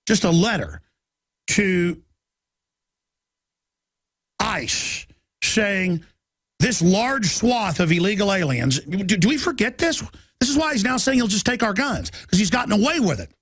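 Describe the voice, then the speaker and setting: A man delivers an urgent, agitated talk radio monologue in a high-pitched voice, reading headlines aloud in rapid bursts and pushing into shouts. The recording is dry and close, with no room sound. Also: animated, breathy edge, no echo. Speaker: radio host.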